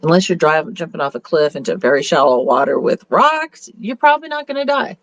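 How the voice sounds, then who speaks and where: A woman's voice: deep voice, expressive, brisk, no room sound, muffled recording. A woman beauty consultant giving a casual motivational talk in a chatty, upbeat way, with rambling restarts. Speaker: beauty consultant leading a meeting.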